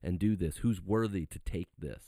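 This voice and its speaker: Deep mellow pastor guy, earnest, gets fired up explaining stuff, dry mic. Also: normal speed, dry recording. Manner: earnest, builds to fervent emphasis. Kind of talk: conversational Bible study.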